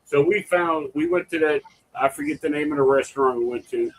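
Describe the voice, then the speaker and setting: A man co-hosting a livestream, telling animated stories and loudly acting out what people said. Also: on the high side, brisk, low-quality recording. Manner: animated storyteller, acts out quotes loudly. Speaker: livestream co-host. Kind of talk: casual chat.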